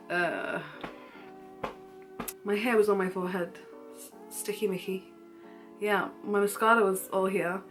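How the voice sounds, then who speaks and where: Candid young woman telling a story. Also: mid-range voice. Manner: candid, animated retelling with frequent fillers. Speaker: vlogger. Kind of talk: casual storytelling vlog.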